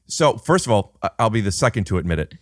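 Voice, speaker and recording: A man's voice: lowish voice, very animated, fast, a bit bright, dry recording, studio quality. A man hosting a podcast, cheerfully playing devil's advocate in casual chat. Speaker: podcast host.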